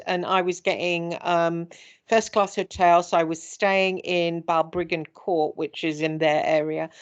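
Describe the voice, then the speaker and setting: Animated middle-aged Englishwoman telling a story. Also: fairly low pitch, highs cut off. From England. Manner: animated storyteller who acts out quoted speech. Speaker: host telling her story. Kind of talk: casual chat.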